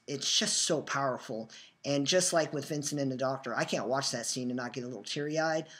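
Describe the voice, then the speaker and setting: A man's voice: medium pitch, a bit bright. A young man hosting a fan show, talking earnestly in a rambling way and restarting his sentences often. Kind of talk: casual fan commentary. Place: new home, just moved in.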